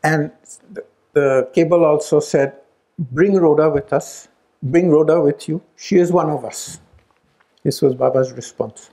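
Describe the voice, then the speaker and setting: Gravelly man telling a family story. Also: medium pitch. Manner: animated storyteller acting out quoted voices. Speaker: speaker at a spiritual retreat. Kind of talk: storytelling talk.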